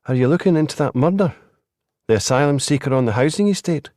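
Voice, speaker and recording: A man's voice: fairly high pitch, animated, quick pace, a little mellow, no room sound, studio quality, voice pushed up, lightly acted. A man putting on a tentative, brittle young woman caller.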